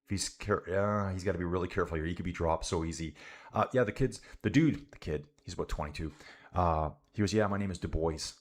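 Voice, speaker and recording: A man from Canada doing casual live race commentary and reading out viewer chat, relaxed and saying "dude" often. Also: deep voice, quick pace. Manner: laid-back, says "dude" a lot, chats with viewers. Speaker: cycling livestream commentator.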